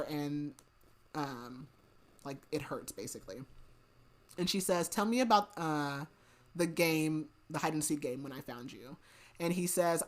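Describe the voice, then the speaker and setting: A woman's voice: low voice, a bit bright. A woman hosting a podcast, casually retelling a book's plot with lots of "like" and "basically", adding laughing asides. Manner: chatty retelling, heavy use of "like" and "basically". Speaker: podcast host. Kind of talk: casual book recap.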